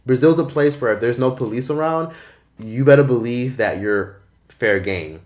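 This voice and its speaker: A man's voice: mid-range voice, normal speed, a little mellow. A man talking bluntly and emphatically in a casual commentary vlog, swearing freely. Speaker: vlogger.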